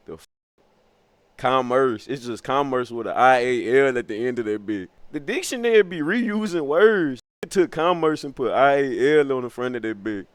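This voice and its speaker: A young man streaming, rambling through profane comic musings in an animated, thinking-out-loud way. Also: medium pitch, moderate pace, clear, resonant tone, dry recording.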